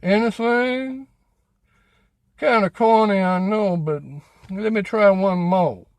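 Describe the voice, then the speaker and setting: A high-pitched man spins a rambling yarn outdoors on a city street, cracking corny jokes and teasing himself when they flop. He talks in an unhurried, drawn-out way, and the sound is dry and close. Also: no echo. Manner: chatty, folksy, self-mocking about his jokes. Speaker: vlog host.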